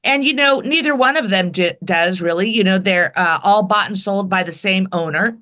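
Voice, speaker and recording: A woman comedian talking casually as a guest, telling animated stories and acting out the people she quotes. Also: mid-range voice, normal speed. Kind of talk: casual political chat.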